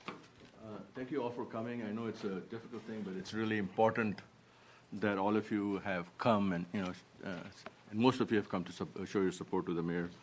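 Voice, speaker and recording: A man speaking as a city council member, halting and conciliatory, often stumbling and restarting his words. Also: lowish voice, steady tone, slight background noise. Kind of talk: council meeting remarks. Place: council chamber.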